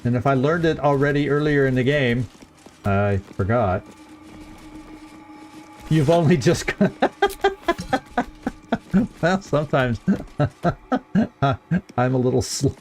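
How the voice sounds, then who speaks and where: A man's voice: mid-range voice, slow, pauses often, darkish tone. A middle-aged man giving chatty, rambling commentary while playing a game, chuckling often. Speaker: let's play host. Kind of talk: casual gameplay commentary.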